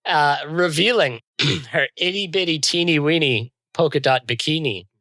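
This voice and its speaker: A man's voice: on the high side, normal speed, sharp tone, dry recording. A man telling an improvised comic version of a film on a podcast, playful and theatrical, laughing often. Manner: playful, giggly, theatrical narration. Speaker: podcast co-host. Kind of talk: improvised comedic storytelling.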